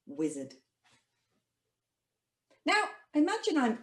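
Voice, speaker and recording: Woman, children's language teacher, animated sing-song delivery, unhurried, echoey room. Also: medium pitch. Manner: cheerful, sing-song, speaks slowly to children. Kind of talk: online children's French lesson with songs.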